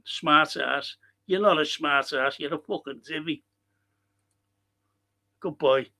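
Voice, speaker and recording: A man hosting a live football watchalong, reading chat messages aloud and answering them in a blunt, sweary, quick-tempered way. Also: fairly high pitch, gravelly, sharp tone.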